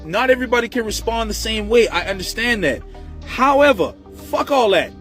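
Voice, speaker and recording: A man's voice: high-pitched, brisk, faint music behind. A man giving blunt, profane commentary, ranting to viewers. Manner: blunt, animated, heavy cursing. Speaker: commentator reacting to a viral video.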